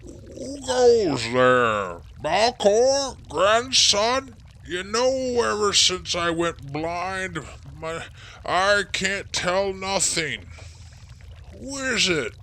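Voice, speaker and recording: A man's voice: high-pitched, big pitch swings, drawn-out words, bright, forceful tone, pitched above the performer's own voice, full character voice. A man voicing an aged, blind male cloud giant with a shaky voice who rambles fondly and struggles to hear. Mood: confused. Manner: rambling, doting, hard of hearing.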